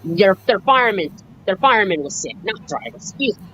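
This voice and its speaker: A woman chatting casually on a video call in a halting way, with fillers. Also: medium pitch, expressive, fairly bright tone, slight background noise, low-quality recording. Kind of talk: casual chat.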